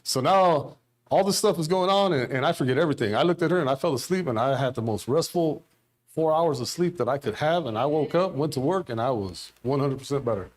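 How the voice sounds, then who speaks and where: Middle-aged guy preaching at church, rambly storytelling, kinda high voice. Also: lively intonation, a little fast. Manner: rambling, conversational, storytelling with quoted dialogue. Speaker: lay preacher. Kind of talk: informal sermon. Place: church service.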